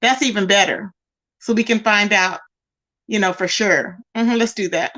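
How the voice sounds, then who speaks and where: Addressing her audience as "y'all" and "child," a livestream host chats casually and directly with viewers. She has a mid-range voice, a sharp tone, and a moderate pace.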